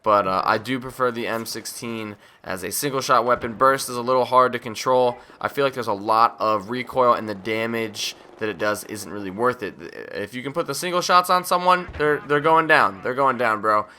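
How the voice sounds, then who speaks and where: Bright-voiced man rambling over gameplay. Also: mid-range voice, normal speed, hardly any pauses. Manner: rambling, jokey, self-mocking; drowsy, yawning at times. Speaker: gaming video commentator. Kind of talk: casual gameplay commentary.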